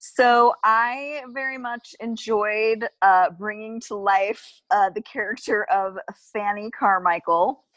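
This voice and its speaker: A comedy performer talking slowly and thoughtfully about a character, with many fillers. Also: female voice, mid-range voice, steady tone, a bit bright, dry recording, rough recording. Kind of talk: casual chat.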